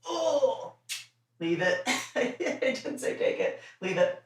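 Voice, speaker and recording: A woman's voice: fairly high pitch, sing-song, takes it slowly. A young woman hosting a stream from home, chatting casually and giving playful, coaxing commands to her dog. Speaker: livestream host. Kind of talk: casual chat while training a dog.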